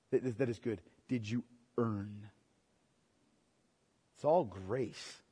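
A man preaching a sermon as pastor, rising to loud emphatic peaks and dropping to quiet asides, repeating phrases for emphasis. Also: lively intonation, slow pace, long pauses, slightly rough. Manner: swings from quiet, low asides to loud, high emphatic climaxes.

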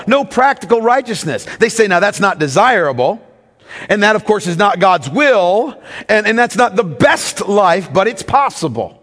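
A man's voice: high-pitched, a bit bright, big-room sound. A man preaching a sermon as pastor, emphatic and teaching, often asking the congregation questions.

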